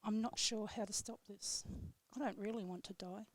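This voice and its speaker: A woman on live radio reading her own poem aloud in a steady, measured way, then chatting with the host. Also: medium pitch, dry recording. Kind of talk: poetry reading, then casual chat. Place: radio studio.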